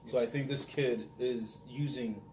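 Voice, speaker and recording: A father weighs in slowly and thoughtfully during a casual podcast chat, his voice mid-pitched. It sounds roomy and distant from the mic, with faint ambience behind. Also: steady tone, a little mellow, a little hiss or hum. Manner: measured, reflective takes.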